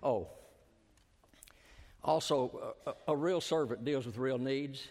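A man preaching a sermon as a pastor, swinging his voice up for emphasis and dropping it low and slow at the ends of phrases. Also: a little mellow. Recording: long hall reverb.

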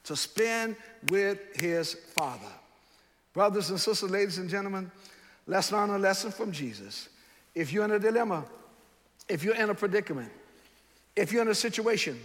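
A man preaching a sermon in a seminary chapel, building with rhythmic repetition, swelling to shouts and dropping low. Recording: long hall reverb.

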